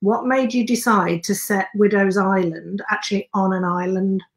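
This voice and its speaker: A woman's voice: mid-range voice, steady tone, moderate pace. A woman hosting a live video chat, greeting viewers by name and reading out their questions. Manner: reads out viewer names and questions. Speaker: host. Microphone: video call.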